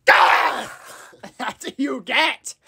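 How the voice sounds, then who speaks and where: A woman voicing characters in a comedic skit, shouty and excitable. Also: high-pitched, extremely slow, creaky, slight background noise.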